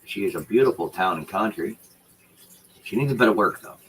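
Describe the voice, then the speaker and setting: Streamer type: deep-voiced man, forceful delivery, loose and profane chatter to his chat. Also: expressive, fairly quick, husky, poor audio. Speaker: livestreamer talking to chat. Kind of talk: casual livestream chat. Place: home room with shelves behind him. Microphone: computer setup with dual screens.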